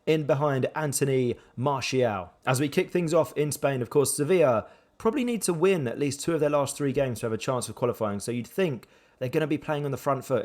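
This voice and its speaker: A young man commentates a football management game from his own save, calling the action in a fairly high voice. He talks with animated swings between excitement and dejection, quick to exclaim and quick to deflate. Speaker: gaming YouTuber.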